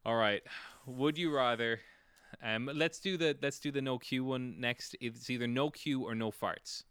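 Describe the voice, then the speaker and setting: Male GM, playful narrator, dry close-mic sound, forceful tone. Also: mid-range voice, unhurried, smooth, no room sound. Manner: relaxed, descriptive, playful. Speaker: game master. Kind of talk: narrating a tabletop game.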